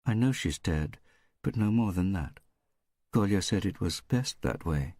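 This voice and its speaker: A tired, subdued nun, voiced by a male reader who chooses her words carefully. The voice stays low and close, with a dry sound and no room around it. It carries an audiobook reading. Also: expressive, a little slow, mellow, no echo. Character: tired middle-aged American nun, gentle.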